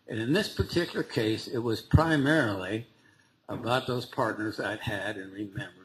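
Man, lowish voice, recovery meeting speaker, halting and conversational, faint background hum. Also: a bit bright, rough recording. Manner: halting, conversational, with frequent restarts and small laughs. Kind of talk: personal recovery story told to a group.

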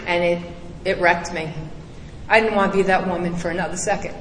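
Candid woman speaker, middle-aged, bright and emphatic, roomy hall sound, faint background hum. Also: lowish voice, fairly even intonation, fairly quick. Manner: candid, emphatic, blunt storytelling. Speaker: recovery speaker. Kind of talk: personal recovery testimony. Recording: echoey hall, distant mic.

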